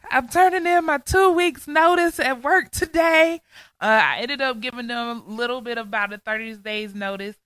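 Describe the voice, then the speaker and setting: A woman co-hosting a faith podcast, recounting a personal testimony with earnest feeling. Her voice is crisp and smooth with a bright, forward edge. The sound is dry and close, with no room around it. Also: mid-range voice, no echo. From Georgia, US. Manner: earnest, heartfelt storytelling. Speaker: podcast co-host.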